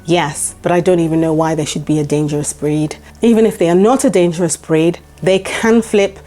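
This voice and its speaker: A woman's voice: on the low side, steady tone, a little fast, dark tone. A woman vlogger telling a personal story to camera, emphatic and repeating her points for stress.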